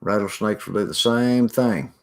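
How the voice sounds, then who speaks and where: A middle-aged man with a lowish voice hosts a relaxed livestream. He talks in a folksy, rambling way, greeting viewers by name and chatting about whatever comes up in the comments. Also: normal speed. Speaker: livestream host reading viewer chat. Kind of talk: casual chat.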